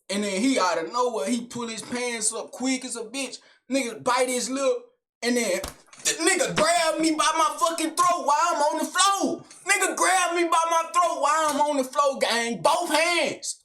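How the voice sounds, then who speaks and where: A young man recounts a family fight in loose, slangy street talk, animated and blunt. His voice sits high and bright, with a sharp edge when he gets worked up. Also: normal speed. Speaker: storyteller. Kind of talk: casual storytime vlog.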